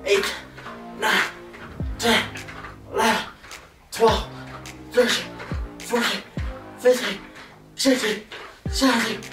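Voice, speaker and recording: A woman vlogging casually about her workout and cooking, chatty and playful, counting reps out loud. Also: mid-range voice. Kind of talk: casual workout vlog chat. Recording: echoey room with music playing.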